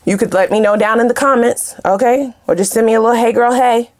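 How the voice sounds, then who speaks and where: A woman's voice: on the high side, fast. Fired-up woman reading tarot. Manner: heated, animated, swears freely; talks straight to viewers with slang. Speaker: tarot reader. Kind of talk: casual tarot reading to camera.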